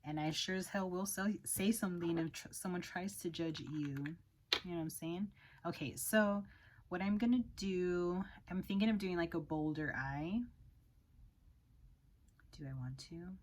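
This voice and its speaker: A woman's voice: on the low side, moderate pace, a little mellow. A young woman, a hairstylist, chatting frankly and profanely while doing her makeup. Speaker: hairstylist and beauty vlogger.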